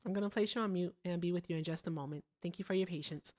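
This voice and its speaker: A woman's voice: lowish voice, very fast, darkish tone. Pointed woman hosting a call-in debate. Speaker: host of a call-in debate show.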